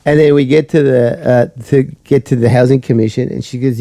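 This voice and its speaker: A man's voice: mid-range voice, fairly quick, no echo, clean studio sound. A man, a podcast co-host telling a story in casual chat and acting out the people in it. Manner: animated storyteller who acts out quoted people with profanity.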